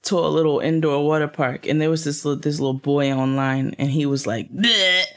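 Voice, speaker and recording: A woman's voice: low-pitched, monotone, a little fast, darkish tone. A woman co-hosting a podcast, chatting casually and laughing easily. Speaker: podcast co-host. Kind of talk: casual chat.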